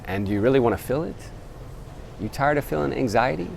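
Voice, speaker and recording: Man in the middle pitch range, vlogging outdoors by a temple, earnest and animated, with faint street noise behind. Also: quick pace, gravelly. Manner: addresses listeners as gentlemen, earnest and animated. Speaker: travel vlogger. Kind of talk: casual motivational talk to camera. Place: outdoors beside a temple on a small island.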